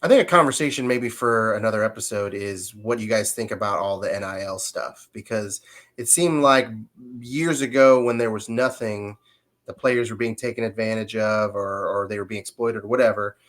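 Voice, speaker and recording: A man's voice: fairly low pitch, moderate pace, fairly bright tone. Brief: male podcast co-host, hesitant, self-correcting sports chat.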